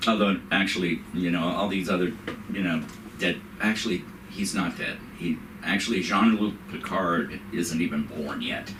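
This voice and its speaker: A middle-aged man doing an open-mic stand-up set, rambling and halting, laughing at his own jokes. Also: deep voice. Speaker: stand-up comedian. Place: comedy club stage. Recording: echoey room, far from the mic, noisy.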